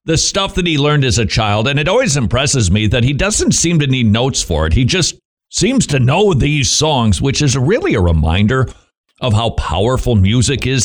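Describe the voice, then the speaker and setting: Animated man giving wry devotional talk. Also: medium pitch. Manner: animated, with wry self-mocking asides and rhetorical questions. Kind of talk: devotional commentary.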